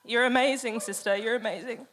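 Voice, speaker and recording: A woman performer on a live stage, giving warm, effusive shout-outs. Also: on the high side, steady tone, brisk.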